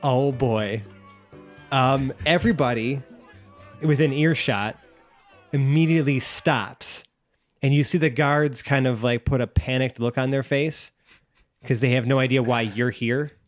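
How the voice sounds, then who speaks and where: A man narrating as game master of a tabletop game, rambling with many fillers and bursting into excited crowd voices. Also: medium pitch, measured pace, soft background music.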